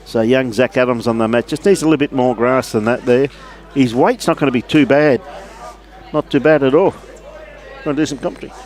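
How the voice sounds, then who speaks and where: A man's voice: medium pitch, brisk, darkish tone. A man with an Australian accent giving casual live commentary on lawn bowls outdoors at a club, chatting and greeting viewers by name.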